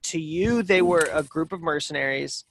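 A man's voice: on the high side, moderate pace, a bit bright. A man narrating a tabletop game as game master, in a casual, rambling way full of fillers.

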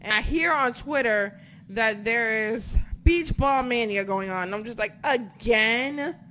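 Bright, ranting young woman. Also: a little high, unhurried, slight background noise. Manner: animated, swears a lot, ranting. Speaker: wrestling podcast co-host. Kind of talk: casual chat.

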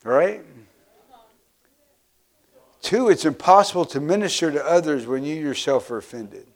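A man preaching a sermon as pastor, filling pauses with "uh" and calling for amens. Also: on the high side. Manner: preaching with frequent "uh" fillers, asking for amens.

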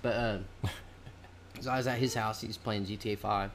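A man's voice: lowish voice, steady tone, a little fast, slight background noise. A man co-hosting a podcast in casual, profane chat, laughing often. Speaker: podcast co-host.

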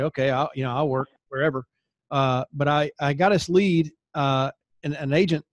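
A middle-aged man hosting a talk for insurance agents, telling stories with lively acted-out dialogue and frequent laughs. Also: on the high side, no echo, clean studio sound. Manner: lively storyteller, acts out dialogue, laughs often. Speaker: host and insurance agency leader. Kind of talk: casual storytelling talk to agents.

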